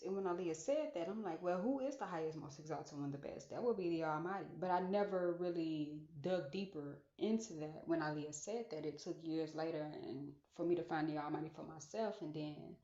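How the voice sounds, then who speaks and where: A woman's voice: on the low side, warm tone. A woman hosting a casual solo podcast monologue, musing aloud and repeating phrases for emphasis. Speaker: podcast host. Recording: echoey room, dull lo-fi sound.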